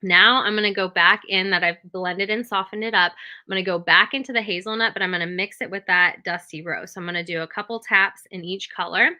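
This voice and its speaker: A woman's voice: fairly low pitch, pushed and bright, dull audio. A woman giving a step-by-step makeup tutorial, talking the viewer through each move and checking in with a frequent "okay?".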